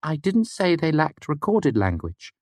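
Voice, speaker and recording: A man's voice: a little high, wildly swooping pitch, measured pace, darkish tone, dry recording, studio quality, voice pushed up. A man voicing a terse, defensive young woman student in an audiobook. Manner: terse, muttering.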